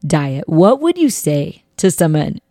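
A woman's voice: on the low side, fairly quick, dark tone, no room sound, studio quality. A woman hosting a faith-based podcast, chatting casually and animatedly. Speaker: podcast host.

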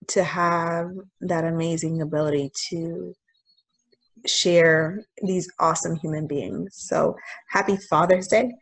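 A woman's voice: sits low, takes it slowly. A young woman co-hosting a podcast, telling family stories in casual chat with lots of fillers. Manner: chatty, animated storytelling with many fillers. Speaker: podcast co-host.

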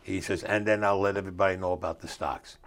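Older man, streetwise lower voice. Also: fairly even intonation, fast. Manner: streetwise, rough grammar, acts out quoted voices. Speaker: interview guest. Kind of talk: storytelling in an interview.

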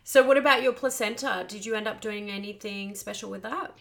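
Gravelly-voiced woman podcast host. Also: mid-range voice, brisk. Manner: gentle, encouraging, affirming. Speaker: podcast host interviewing mothers. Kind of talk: warm interview questions.

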